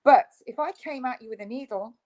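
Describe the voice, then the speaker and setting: Une femme à l'britannique, à la voix plutôt aiguë, invitée d'une interview, au ton insistant et véhément. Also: female voice, high voice, a little fast, darkish tone, poor audio. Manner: emphatic and insistent, ranting. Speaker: interview guest. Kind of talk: video interview.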